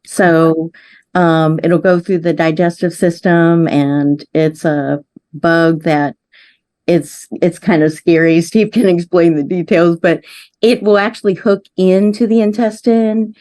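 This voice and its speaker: Candid chatty woman, lowish voice. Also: fairly even intonation, takes it slowly, warm tone. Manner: candid, chatty, frequent affirming yeahs. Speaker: interview guest. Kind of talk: conversational interview storytelling.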